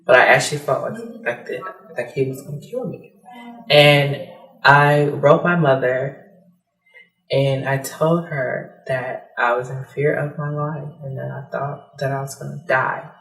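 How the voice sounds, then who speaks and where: A woman giving personal testimony in a soft, hesitant way, with many fillers, acting out the lines of others as she recounts. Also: extremely low pitch, measured pace, creaky, faint music behind. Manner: acts out quoted dialogue. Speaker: interviewee. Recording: roomy, mic at a distance.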